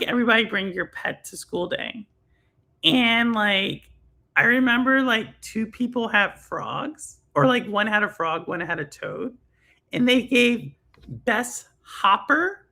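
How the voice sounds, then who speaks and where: A woman's voice: on the high side, creaky, bright, forceful tone. A young woman hosting a live stream, chatting casually with viewers, laughing often and filling her talk with fillers. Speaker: stream host reading chat.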